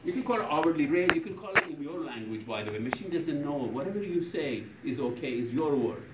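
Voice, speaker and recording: Guy professor teaching programming, foreign accent, kinda high voice, recorded far off in an echoey classroom with noise. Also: fairly quick. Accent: non-native English. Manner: lively, joking with students, broken English. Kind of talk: classroom lecture.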